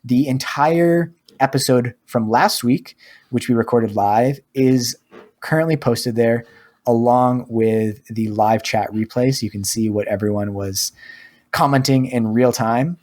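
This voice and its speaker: A man co-hosting a podcast, chatting in a relaxed, rambling way with lots of fillers. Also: medium pitch, a little slow. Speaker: podcast co-host. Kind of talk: casual podcast chat.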